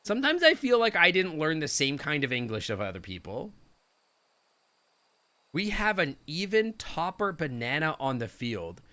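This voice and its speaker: A man's voice: fairly high pitch, huge pitch swings, normal speed, sharp tone. A Canadian man streaming a game live, rambling and joking with his viewers. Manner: rambling, jokey, chatting with viewers.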